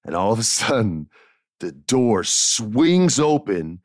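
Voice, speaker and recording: Animated storytelling male podcast host. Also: on the low side, takes it slowly, dry recording, studio quality. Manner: animated storytelling, swears freely. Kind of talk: casual interview chat.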